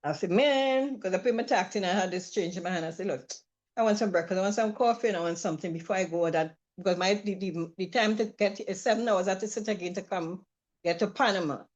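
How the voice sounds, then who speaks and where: Talking fast over lo-fi sound, a medium-pitched woman recounts a trip she took part in. She laughs a lot and animatedly imitates the people she quotes in this casual, lively telling.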